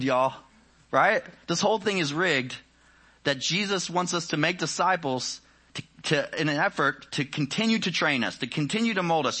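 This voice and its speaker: With a fairly high-pitched voice, a man preaches in a conversational manner, sprinkling in "you know." He swells with energy, then drops to quiet, probing questions.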